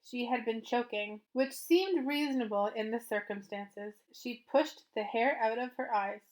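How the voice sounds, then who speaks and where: A woman reads a children's novel aloud, narrating steadily and at an even pace. Her voice sits a little high for a woman. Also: a little slow. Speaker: storybook reader.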